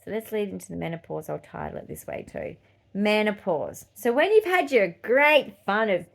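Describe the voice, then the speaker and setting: A woman's voice: mid-range voice, sing-song, moderate pace, vocal fry. A woman in her forties with an Australian accent, hosting a podcast as a casual monologue, blunt and swearing freely with laughs between points. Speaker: podcast host.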